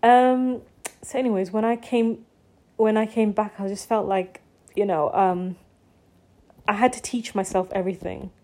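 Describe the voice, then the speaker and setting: A woman's voice: medium pitch, steady tone, unhurried, long pauses, darkish tone. A young woman vlogging in a casual, confessional monologue, rambling and full of fillers like "like" and "you know.".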